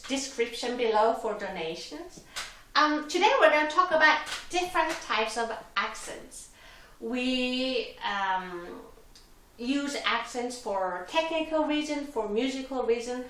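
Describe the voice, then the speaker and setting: A woman's voice: high voice, animated, measured pace, a bit bright, distant mic, a little hiss or hum. A woman teaching a violin lesson, patiently explaining step by step with small slips in her wording. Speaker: violin instructor. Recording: roomy echo, voice from off the mic, violin playing.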